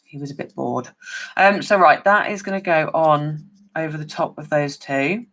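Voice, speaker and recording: A woman whose voice sits low and a bit bright speaks at a normal speed while demonstrating papercraft on a live stream. Chatty throughout, she names her viewers as she works.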